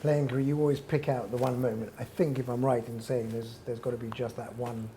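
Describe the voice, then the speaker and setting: A male interviewer on stage with a mellow, dark voice, feeling his way through a question with restarts. A faint hum of the bar sits behind him. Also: mid-range voice, level tone, brisk. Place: bar at a networking event.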